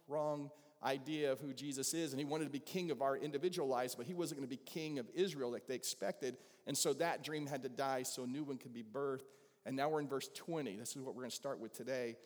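Southern pastor preaching in a reverberant hall. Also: male voice, mid-range voice. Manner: conversational preacher, asks the congregation questions. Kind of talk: sermon. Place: church sanctuary. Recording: long reverb of a large hall.

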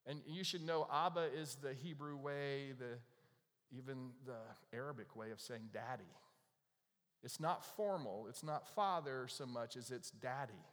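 A man's voice: mid-range voice, measured pace, fairly bright tone. A male pastor preaching a sermon, retelling scripture in casual everyday speech. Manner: conversational preaching, paraphrasing scripture in everyday voices. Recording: long reverb of a large hall.

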